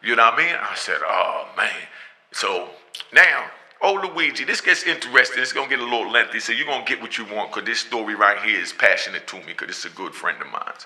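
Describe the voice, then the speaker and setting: A middle-aged man telling a story in a casual, animated way, often checking in with the listener. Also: mid-range voice, quick pace, rough recording. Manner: animated, often asks "you know what I mean", laughs between lines.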